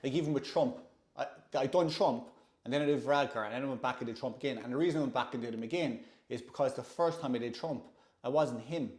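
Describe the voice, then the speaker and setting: A man's voice: medium pitch, fast, darkish tone, echoey room. A man with a Cork Irish accent, telling stories in casual chat and laughing often. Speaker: podcast co-host.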